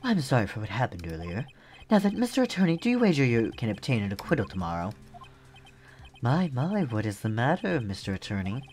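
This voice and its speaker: A man voicing a courteous, polite assassin with soft menace. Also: mid-range voice, big pitch swings, lightly acted. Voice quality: measured, mannered politeness. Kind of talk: reading game dialogue aloud.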